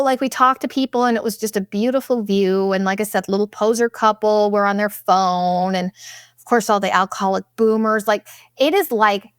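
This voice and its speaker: A young woman hosting a podcast, telling a vacation story in a blunt, profane, animated way and acting out what people said. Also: medium pitch, no room sound, clean studio sound. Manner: blunt and profane, animated retelling with quoted asides. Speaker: podcast host. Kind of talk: casual storytelling monologue.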